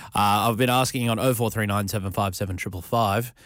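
A man's voice: on the low side, steady tone, fairly quick, fairly bright tone, dry recording. An Australian man hosting a radio show in a studio, chatting casually and rambling with lots of fillers and restarts. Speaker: radio host. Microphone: studio microphone.

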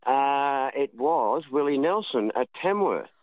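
A man's voice: mid-range voice, animated, slow, no room sound. Chatty Australian man over the phone. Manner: chatty, rambling, calls the host darling. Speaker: radio caller. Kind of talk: phone-in storytelling. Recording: phone line.

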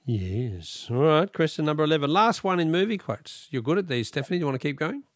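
A man's voice: fairly high pitch, big pitch swings, fast, no room sound, clean studio sound. A man with an Australian accent hosting a radio call-in quiz, upbeat and bantering.

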